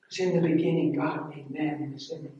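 A man preaching and telling his own testimony, emotional and storytelling, swinging between loud and hushed. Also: on the high side, fairly even intonation, quick pace, muffled recording. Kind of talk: sermon. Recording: echoey hall from far off with faint noise.

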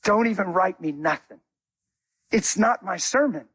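A man preaching a sermon as a guest speaker, animated, telling stories with acted-out dialogue. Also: high voice, measured pace, breathy edge.

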